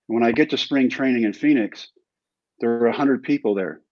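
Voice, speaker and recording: A man's voice: medium pitch, brisk, dry recording. A man from Texas telling his own story as an interview guest, in a wry, self-deprecating way. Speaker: interview guest, former pro baseball player. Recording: dry, slightly dull recording.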